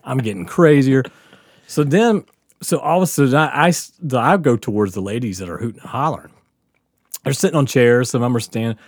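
A man's voice: mid-range voice, fairly quick, no room sound, clean studio sound. A man in his fifties telling a wild story on a podcast, swearing freely and laughing as he goes. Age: 50s. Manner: animated, profane, laughing through a wild story. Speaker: podcast co-host. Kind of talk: casual storytelling chat.

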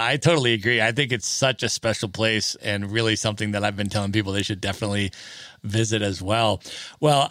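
A man's voice: on the low side, fairly bright tone, no echo. A man hosting a podcast, asking long, enthusiastic questions in casual chat. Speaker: podcast host. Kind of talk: casual interview.

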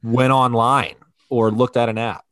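A man chatting casually on a podcast and reacting quickly with laughs. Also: mid-range voice, flat delivery, fairly bright tone, no echo.

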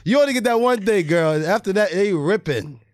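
A man co-hosting a casual podcast, laid-back and crude, often trailing off into low mumbles. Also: animated, fairly quick, a little hiss or hum. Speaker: podcast co-host.

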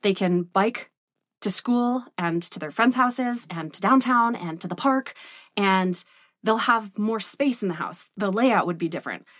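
Woman, thirties, casual vlog, candid and chatty, mid pitch, dry sound. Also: unhurried, a bit bright, no echo. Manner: candid, chatty, peppered with "like" and "right?". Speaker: business coach and vlogger. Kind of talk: casual direct-to-camera vlog.

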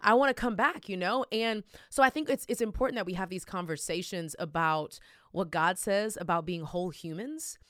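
A woman with a Texan accent hosting a faith podcast, talking in a loud, energetic and emotional way. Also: fairly low pitch, moderate pace, dry recording, clean studio sound. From Texas. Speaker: podcast host. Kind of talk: casual podcast chat.

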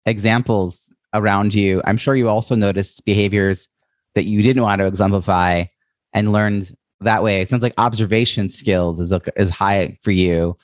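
A man's voice: on the low side, steady tone, normal speed, dry recording. A man hosting a podcast, asking probing questions and thinking aloud about his guest's story. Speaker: podcast host. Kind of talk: interview conversation.

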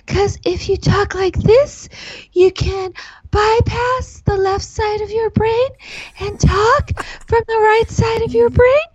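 A woman putting on the high, breathy, lilting voice of a 1950s film star woman to show how the style helps avoid stuttering. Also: steady tone, slow pace, a little mellow, no room sound, dull audio. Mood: dreamy.

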